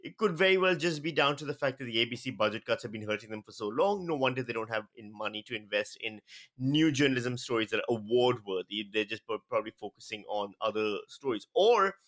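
A man's voice: mid-range voice, lively intonation, quick pace, a bit bright. A man, co-hosting a podcast in casual chat, making wry, joking asides. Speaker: podcast co-host.

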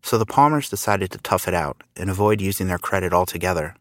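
A man's voice: low-pitched, expressive, fast, fairly bright tone. A man giving scripted, matter-of-fact narration of a story.

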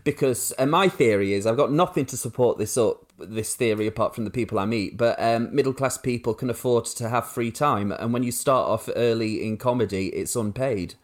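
A man in his thirties with a northern English accent, a comedian talking casually in an interview, with many restarts. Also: mid-range voice. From Yorkshire. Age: 30s. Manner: halting, many restarts, laughs easily. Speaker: comedian guest. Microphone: remote call.

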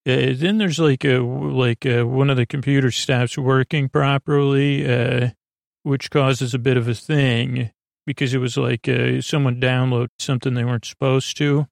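A man with a gravelly, fry-edged voice casually retelling a TV episode, drifting along with plenty of ums and restarts. The recording is dry and close, with no room sound. He talks at an ordinary middle pitch. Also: fairly even intonation, normal speed, no echo. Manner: rambling, loose, many fillers and restarts. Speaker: sleep podcast host.

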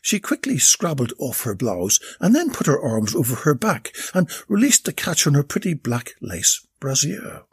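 Gravelly man narrating a comic story. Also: fairly high pitch, sing-song, normal speed, hardly any pauses.

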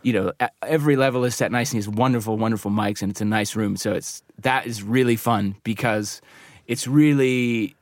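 A man's voice: fairly low pitch, brisk, hardly any pauses, dry recording. Rambling man, dry close sound. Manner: rambling anecdotes with laughs and restarts. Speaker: recording and mixing engineer, guest. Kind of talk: casual interview chat.

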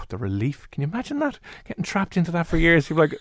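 Irish male radio co-host, quick, chatty storyteller, dry close mic. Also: no echo. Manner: animated storyteller, jumps high to act out quotes. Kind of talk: casual chat.

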